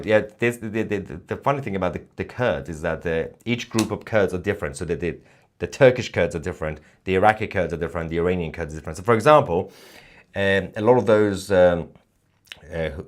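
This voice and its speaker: A young man hosting a live commentary stream, reading viewer comments and answering with sarcastic, animated asides and lots of filler restarts. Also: deep voice. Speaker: host.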